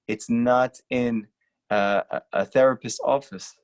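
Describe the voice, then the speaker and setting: A rabbi giving an earnest, emphatic lecture and repeating short lines for stress. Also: male voice, medium pitch, fairly even intonation, a little slow, clean tone. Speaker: rabbi teaching a class. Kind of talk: earnest sermon-style lecture.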